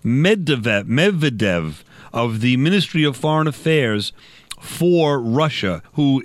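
A man's voice: mid-range voice, big pitch swings, unhurried, dry recording. A man hosting a casual talk show, rambling and correcting himself with jokey asides. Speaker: show host.

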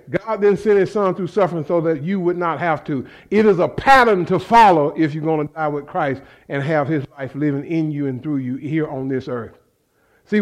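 A man's voice: a little high, darkish tone. A man preaching a sermon in a fervent, conversational way, repeating phrases and calling out to the congregation. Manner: fervent, conversational preaching with repetition and call-and-response.

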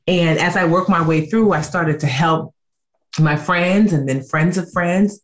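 A woman in her thirties, a guest in an interview, telling her story in a lively, animated way. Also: on the low side, normal speed. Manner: animated, acts out quoted voices.

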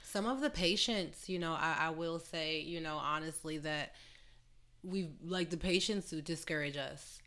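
A woman's voice: sits low, a little slow. A young woman guest on a casual podcast, telling stories with lots of fillers and swearing. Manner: animated storyteller, swears freely, many fillers. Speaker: guest, cannabis entrepreneur.

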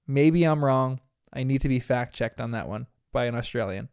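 Chatty young guy from new jersey reviewing a cartoon, smooth voice, dry close sound. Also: medium pitch, moderate pace, a little mellow, no echo. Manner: chatty, laughs often, self-deprecating asides. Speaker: podcast host reviewing a cartoon. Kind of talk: casual episode commentary.

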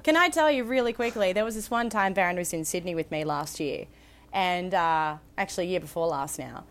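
A woman's voice: fairly low pitch, fairly quick. A young woman chatting casually in an interview, playful and teasing, often laughing.

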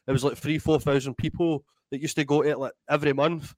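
A Scottish man in his thirties, a DJ and comedian telling animated, sweary stories in a casual interview. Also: on the high side, quick pace, dry recording, low-quality recording. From Scotland. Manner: animated, swears freely, acts out voices in anecdotes. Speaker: guest DJ and comedian.

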